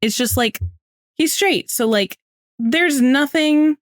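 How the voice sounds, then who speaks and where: A woman co-host with a fairly high voice, chiming in with wry, emphatic remarks about a TV episode. The recording is dry and close. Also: takes it slowly, dry recording. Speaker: podcast co-host. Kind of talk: casual chat recapping a TV episode.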